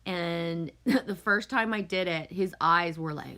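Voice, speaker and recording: A woman's voice: fairly low pitch, slow pace, sharp tone. A middle-aged woman from Canada chatting casually with viewers, telling stories, swearing freely and laughing often. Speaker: livestream host.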